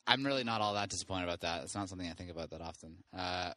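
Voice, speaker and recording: A man on a podcast recalling his old band in relaxed, rambling casual chat. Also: low voice, racing, dry recording. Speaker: podcast host, former band musician.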